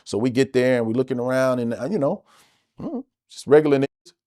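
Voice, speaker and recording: A man from the United States, an actor guest telling stories in a casual interview, animated and emphatic, with plenty of swearing. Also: medium pitch, a little fast, dry recording, clean studio sound.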